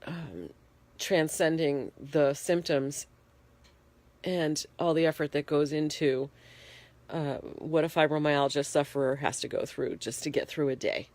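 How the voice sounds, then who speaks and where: In a casual video diary, a congested, shivering woman lies in bed in her bedroom and talks to the phone in her hand. Her low, slightly mellow voice keeps a fairly even intonation as this vlogger explains things plainly, unhurriedly, and in detail.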